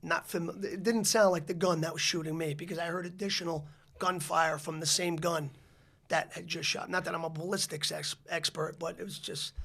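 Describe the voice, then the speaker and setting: A man from the Bronx, New York City, appears as a podcast guest and tells a long story in a rambling way, full of restarts and fillers, in a casual storytelling interview. His voice is a little high and creaky, with a darkish tone.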